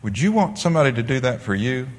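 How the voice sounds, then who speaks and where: A man from the Netherlands delivers a sermon with a lively, swinging delivery, leaning hard on key words and then softening into gentle storytelling. His voice carries a long reverberant tail, as if filling a big sanctuary. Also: medium pitch, fast. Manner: animated preaching, drops to a soft storytelling voice. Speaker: pastor.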